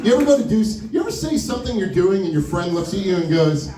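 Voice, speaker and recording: A man's voice: high voice, sing-song, quick pace, a crowd in the background. A stand-up comedian, a man, telling self-deprecating, rambling stories on stage in a lounge. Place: wine lounge, live stage. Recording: roomy live room from far off.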